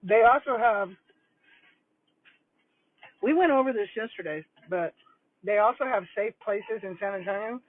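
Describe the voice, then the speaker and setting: Speaking a little slowly with long pauses, an older woman with a medium-pitched voice rambles casually on a livestream while she eats lunch. She's a retired school principal, and the dry recording sounds tinny and phone-like.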